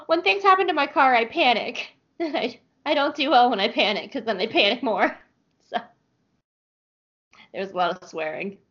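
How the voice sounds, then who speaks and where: A woman's voice: a little high, animated, moderate pace, a bit bright. A woman co-hosting a podcast, chatting casually about a cartoon series, chatty with frequent laughs and fillers. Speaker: podcast co-host. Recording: dull lo-fi sound.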